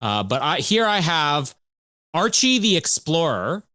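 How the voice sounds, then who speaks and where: A man co-hosting a podcast, his voice sitting a little high and moving a lot as he tells stories. He talks in an animated, chatty way. The sound is dry and close. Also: a little slow, no room sound. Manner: animated, chatty storytelling with laughs. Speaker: podcast co-host. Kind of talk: casual podcast chat.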